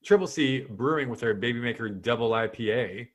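A man's voice: mid-range voice, brisk. Man, comedy podcast host, playful, mid-range voice, mock-announcer plugs. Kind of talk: casual comedic chat.

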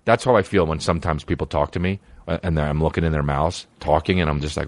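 A man's voice: extremely low pitch, fast talker. A young man reacting to videos in rambling, profane casual commentary, full of stammered restarts.

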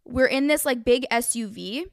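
A young woman co-hosting a podcast, telling a story in a lively, animated way with lots of "like.". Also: fairly high pitch, moderate pace, no room sound, studio quality. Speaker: podcast co-host. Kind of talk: casual chat.

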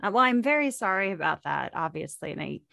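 A woman's voice: medium pitch, sing-song, fast talker, gravelly, sharp tone, dry recording, clean studio sound. A woman hosting an interview, adding short affirmations and playful jokes while her guest talks. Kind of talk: casual interview.

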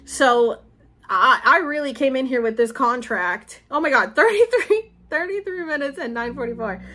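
A young woman in her twenties, a spiritual vlogger and podcaster, shares a personal spiritual update. Her voice is a little high with a fairly bright tone, and she talks casually and emotionally, rambling with lots of fillers.

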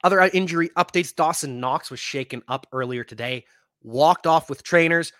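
Male fantasy football podcast host, bright and forceful tone, close dry mic, casual animated delivery. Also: fairly high pitch, moderate pace, dry recording. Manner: animated, laughs at his own points. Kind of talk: casual sports talk.

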